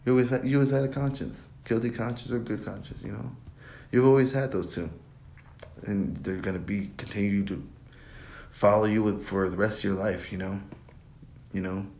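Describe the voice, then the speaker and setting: On his own podcast, a young host speaks at normal speed in a lowish, steady, creaky voice with a darkish tone. His casual monologue is rambling and profane, looping back on points he has already made.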